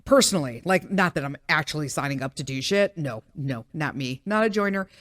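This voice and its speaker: Frank, low-voiced woman podcaster chatting. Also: lively intonation, a little fast, fairly bright tone, no room sound. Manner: candid, profane, rambling with fillers and laughs. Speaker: podcast host. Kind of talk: casual monologue.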